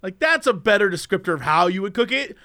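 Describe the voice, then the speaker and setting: A man co-hosting a casual podcast chat, teasing his partner with jokes and laughing quickly. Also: high voice, expressive, bright, forceful tone. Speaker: podcast co-host.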